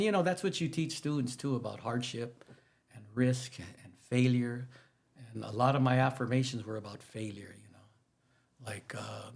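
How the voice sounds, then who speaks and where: A man, a teacher guesting on a podcast, telling stories in an animated, rambling way that jumps from one topic to the next. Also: vocal fry. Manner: animated, rambling, jumps between stories, emphatic pitch rises. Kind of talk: casual storytelling interview.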